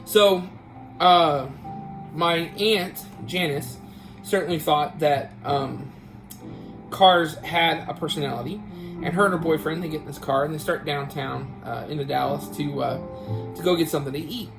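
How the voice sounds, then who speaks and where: A man's voice: fairly high pitch, moderate pace, gravelly, poor audio. Man, casual vlog talk, rambling, restarts, guitar music in background. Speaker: vlog host.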